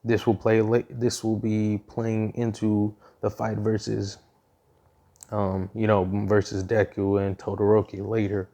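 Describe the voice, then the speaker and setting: A man's voice: lowish voice, completely flat delivery, unhurried, warm tone. A man casually retelling his own fan story, rambling with frequent ums and restarts.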